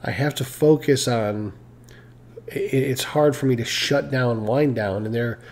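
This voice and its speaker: A man talks loosely to his live-stream viewers in a gravelly, mellow voice. He rambles, restarts sentences and fills pauses with "uh" and "you know". He sounds tired and pokes fun at himself. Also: mid-range voice. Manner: rambling, hesitant, many fillers and restarts; self-mocking, laughs at own stories.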